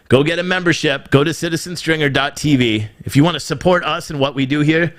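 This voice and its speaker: A man rants angrily on his own livestream show, exasperated and swearing freely within otherwise casual talk. His voice is mid-range and a bit bright.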